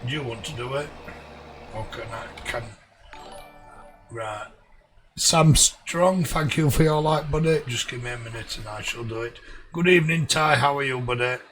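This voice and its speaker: A man live-streaming a game, greeting viewers by name in a chummy way, his voice going a little hoarse. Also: medium pitch, moderate pace, long pauses, fairly bright tone, recorded from a distance, faint music behind, rough recording.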